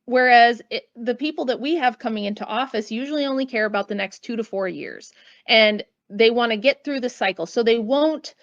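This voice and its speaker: A woman's voice: a little high, a little fast, highs cut off. An American woman, a guest author, giving blunt, emphatic opinions in an interview with casual asides. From United States.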